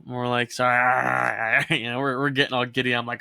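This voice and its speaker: Bright-voiced man telling stories. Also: mid-range voice, level tone, fairly quick, creaky, few pauses, clear, resonant tone, dry recording. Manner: rambling storyteller, profane, acts out quotes. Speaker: podcast co-host. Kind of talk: casual chat.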